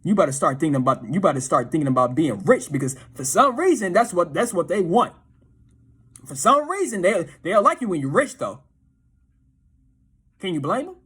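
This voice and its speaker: A man's voice: high voice, sing-song, moderate pace, pauses often, fairly bright tone, husky. A man talking casually about dating in a profane, slangy, often laughing monologue. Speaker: dating advice commentator.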